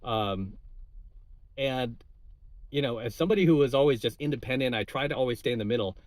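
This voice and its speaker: A man's voice: mid-range voice, fairly quick, darkish tone, no echo. A man hosting his channel, ranting indignantly in casual talk and tagging lines with "right?". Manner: indignant, repeats "right?" and fills with "uh" and "like". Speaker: channel host giving coaching videos. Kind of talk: casual political rant to camera.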